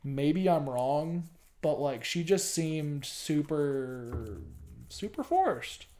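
A man's voice: on the high side, very animated, very slow, dark tone. Hesitant rambling man hosting a podcast. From US South. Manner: rambling, hesitant, many ums. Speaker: podcast host. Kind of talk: casual chat.

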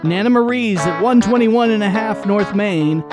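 A middle-aged man, reading sponsor ads in a loud, drawn-out announcer style. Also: high-pitched, music in the background, pitched above the performer's own voice, close to an everyday voice. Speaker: podcast host reading sponsors.

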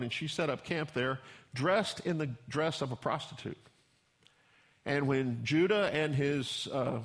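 A man's voice: fairly high pitch, fairly bright tone. A man pastor preaching a sermon in a folksy storytelling way, acting out the characters he describes.

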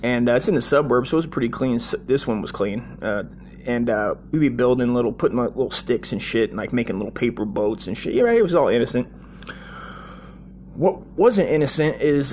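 A man in his forties rambles through a childhood story in a relaxed, chatty way. His talk is crude and loose, full of swearing and "dude" at every turn. A faint hum of noise sits behind his voice. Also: medium pitch, a little fast. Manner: profane, loose and chatty, with many fillers like "dude" and "right?". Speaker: host telling a childhood story.

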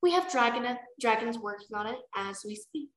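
A grim male dragon leader lays out ruthless plans in a flat, matter-of-fact rumble, as a woman reading a storybook puts him on. An echo hangs on the voice. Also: normal speed, close to an everyday voice. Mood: coolly ruthless.

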